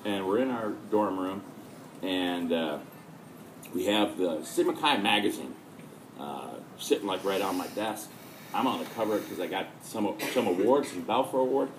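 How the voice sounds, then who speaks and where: A man's voice: lowish voice, reverberant, slight background noise, rough recording. A middle-aged man giving a speech to an audience, telling a story and acting out the quotes. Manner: storytelling with lively acted-out quotes. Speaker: speaker.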